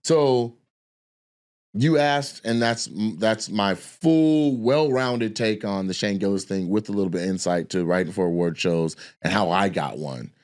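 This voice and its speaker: A man's voice: on the low side, measured pace. A man hosting a podcast, telling a long, rambling, profane story in a casual way. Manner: profane, animated, rambling with restarts. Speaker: podcast host and comedian.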